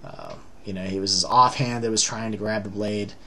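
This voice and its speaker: A man's voice: on the low side, normal speed, creaky, bright, forceful tone. A man giving a rambling, casual recap of a tabletop role-playing session, full of fillers.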